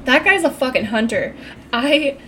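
A woman's voice: high voice, animated, normal speed, sharp tone, a little hiss or hum. A woman co-hosting a casual podcast, chiming in with agreement and casual swearing. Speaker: podcast co-host. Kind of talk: casual chat.

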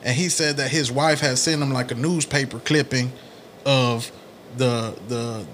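A man's voice: mid-range voice, fairly even intonation, measured pace, a bit bright, a little hiss or hum. A man in casual conversation, telling rambling slangy stories and acting out the people in them. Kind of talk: casual storytelling chat.

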